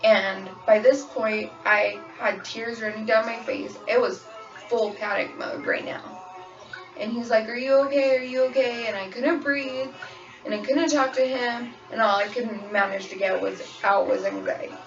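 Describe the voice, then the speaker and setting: A young woman talks frankly to her phone camera in a personal vlog confession, her voice gravelly with a lot of fry. The recording is dull and lo-fi, she sits a little back from the mic, and a pop song plays clearly in the background. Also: mid-range voice, fairly even intonation, unhurried, recorded from a distance, soft background music. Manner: candid, frank, storytelling. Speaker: waitress sharing her experience. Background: pop song playing on repeat.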